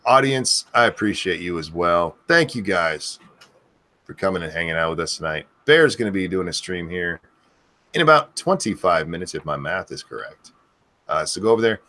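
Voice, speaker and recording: A man's voice: low voice, bright, forceful tone. A man hosting a casual online chat show, loose and rambling, thanking his audience and co-hosts. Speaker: podcast host.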